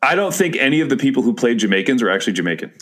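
A man's voice: mid-range voice, very animated, very fast, fairly bright tone. A man in casual podcast chat, bluntly mocking a show and acting out scenes. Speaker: podcast co-host.

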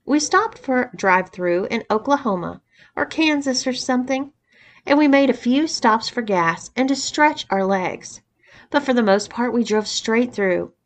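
A woman reading a first-person story aloud, keeping the dialogue tags calm and even. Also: a little high, measured pace. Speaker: reader of erotic fiction.

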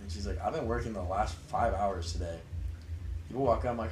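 A man's voice: fairly low pitch, brisk, echoey room, far from the mic, a little hiss or hum, rough recording. A young man chatting casually as an interview guest, rambling and filling his talk with "like". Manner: relaxed, rambling, heavy use of "like". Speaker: interview guest, fraternity member.

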